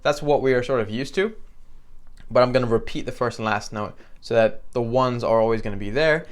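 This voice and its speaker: A man teaching piano in a relaxed, conversational way with frequent fillers, counting beats aloud. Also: medium pitch, a little fast. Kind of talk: instructional tutorial. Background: piano playing between phrases.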